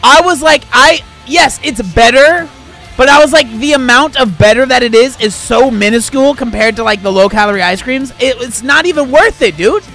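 A man hosting a casual vlog, ranting in an exasperated, animated way and tossing in "dude" and "bro". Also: very high-pitched, normal speed, soft background music. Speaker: food vlogger host.

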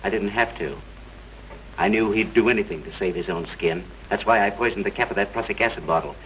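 A man's voice: lowish voice, natural voice. A man playing a cold, unhinged killer. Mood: bitter. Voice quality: calm and measured, breaking into mocking laughter. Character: vengeful man unmasked as the killer, coldly unhinged. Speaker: villain. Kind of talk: 1930s film acting. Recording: dull, hissy 1930s film soundtrack.

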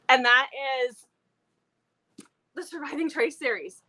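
High, bright-voiced woman chatting about books. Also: expressive, a little fast, a little hiss or hum. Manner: enthusiastic, talkative, laughs often. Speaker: book channel co-host. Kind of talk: casual book chat.

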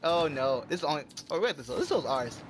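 A man giving casual gameplay commentary, excitable and swearing often, yelping when he comes under fire. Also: fairly high pitch, a little fast, slight background noise. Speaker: gamer. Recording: game gunfire loud under the voice. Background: gunfire and explosions from the game.

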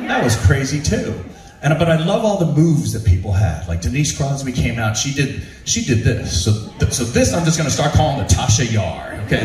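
A man's voice: on the high side, background noise. A man telling comic stories to a live audience, laughing often and acting out the voices of people in his stories. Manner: animated, laughs often, acts out quotes. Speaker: comedic storyteller presenting his own show. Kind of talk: stand-up storytelling to a live audience. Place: ship's show venue. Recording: roomy hall, distant mic, faint ambience.

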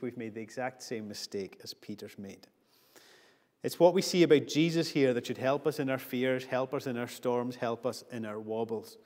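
A man's voice: mid-range voice, a little mellow. A man preaching a sermon earnestly, building his points with repeated phrases. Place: church. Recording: long church reverb.

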